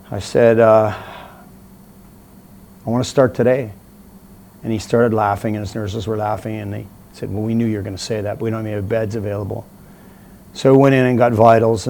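A middle-aged man appearing as an interview guest tells a story casually and with animation, acting out the voices of the people in it. His voice is fairly low and creaky, with slight background noise.

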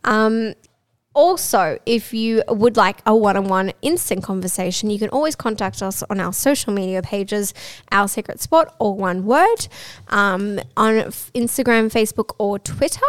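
A woman's voice: mid-range voice, expressive, normal speed, no room sound. A woman co-hosting a podcast in casual, chatty conversation, giggling often. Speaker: podcast co-host. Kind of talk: casual chat.

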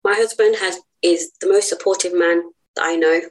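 A woman's voice: lowish voice, steady tone, normal speed, poor audio. A woman guest on a podcast, earnest and heartfelt as she tells her personal story. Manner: earnest, heartfelt, laughs easily.

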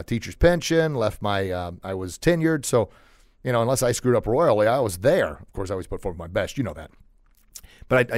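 A man's voice: mid-range voice, darkish tone, no room sound, studio quality. A middle-aged man hosting a motivational podcast, talking earnestly and repeating phrases for emphasis. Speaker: podcast host.

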